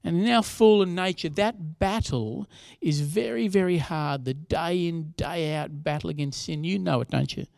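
A man's voice: fairly high pitch, normal speed, creaky, few pauses, darkish tone, no room sound. A younger man preaching a sermon in a conversational way, with asides to the congregation. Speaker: pastor.

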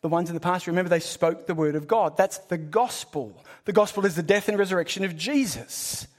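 A man preaching a sermon, swinging between loud emphasis and hushed lines and repeating phrases for rhythm. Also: sits high, a little fast.

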